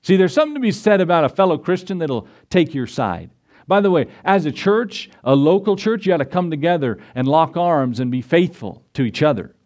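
A man's voice: a little high, very animated, a little fast, darkish tone. A man preaching a sermon as pastor, retelling scripture in a folksy way and asking his congregation rhetorical questions. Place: church.

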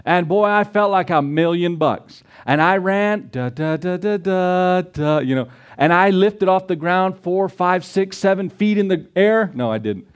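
A middle-aged man preaching a sermon, animated and storytelling, with excited peaks. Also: sits high, unhurried, faint music behind. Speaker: pastor.

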